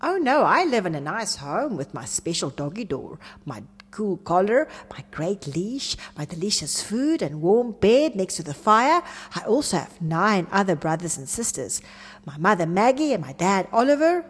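A woman voicing an eager, friendly young male pet dog in a storybook reading, speaking in a high, excited voice. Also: normal speed, breathy edge, big-room sound. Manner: bright and excited, high-pitched.

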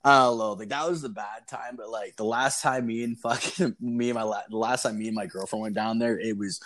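A man's voice: fairly low pitch, steady tone, brisk, fairly bright tone. A man casually telling a long story, rambling and swearing, often laughing as he goes. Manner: rambling, profane, laughing as he tells it.

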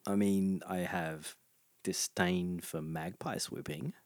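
A man in a casual chat, relaxed and unbothered. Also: takes it slowly, no echo. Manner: relaxed, unbothered, low-key.

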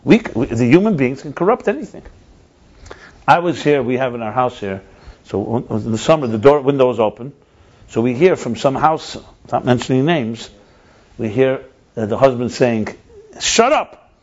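A man holds the floor in a casual group talk, animated and quick to restart or repeat his words. His voice sits at an ordinary middle pitch. The recording is muffled and low-fidelity. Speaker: lead speaker in a group discussion. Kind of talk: casual discussion and storytelling. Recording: dull lo-fi recording.

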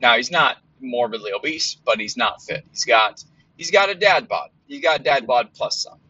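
A man's voice: mid-range voice, animated, normal speed, bright, forceful tone, breathy edge, no echo, dull audio. A man hosting a podcast in a casual monologue, blunt and rambling, with lots of fillers and some swearing. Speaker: podcast host.

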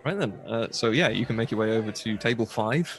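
A man's voice: on the low side, a crowd in the background. Man running a tabletop game, laughing easily. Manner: laughs often, gives quick rulings. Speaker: game master.

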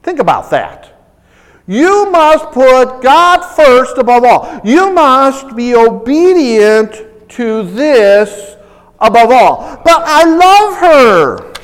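High, lively preacher in an echoing hall. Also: male voice. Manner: dramatic, rhetorical questions. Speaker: pastor. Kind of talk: sermon.

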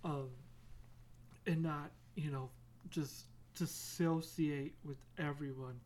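A man's voice: on the high side, fairly even intonation, slow, a little mellow, slight background noise. Rambling man hosting a solo podcast. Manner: rambling, many fillers, self-deprecating humor. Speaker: podcast host. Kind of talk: casual solo podcast monologue.

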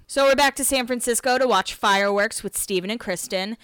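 A woman's voice: a little high, sing-song, fast talker, few pauses, fairly bright tone, clean tone, dry recording. A woman hosting a podcast, recapping an episode in a chatty, giggly, self-mocking way. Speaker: podcast host.

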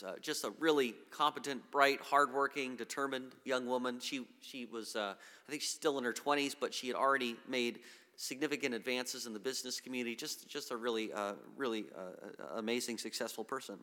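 A man's voice: medium pitch, bright, forceful tone. A man preaching a sermon as pastor, earnest, with frequent restarts and repeated words. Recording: long hall reverb.

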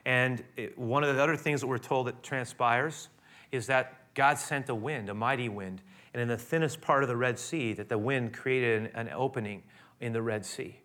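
Male pastor delivering a sermon: bright, tense tone, dramatic storytelling that swings between loud and hushed. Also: medium pitch, normal speed.

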